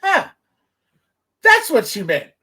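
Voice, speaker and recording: High-voiced podcast guy, swears a lot, voice jumps up and down all the time. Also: takes it slowly. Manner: animated, profane storytelling with big pitch swings. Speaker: podcast host. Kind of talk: casual podcast chat.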